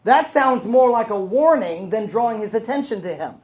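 A woman's voice: on the high side, expressive, normal speed, darkish tone, poor audio. Woman teaching a Bible lesson to a room. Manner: conversational, asks the room questions. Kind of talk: sermon.

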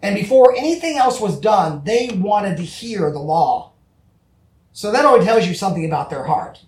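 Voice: mid-range voice, darkish tone. A pastor giving a conversational sermon, earnest and emphatic, often asking the congregation for agreement. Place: church. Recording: echoey church from far off.

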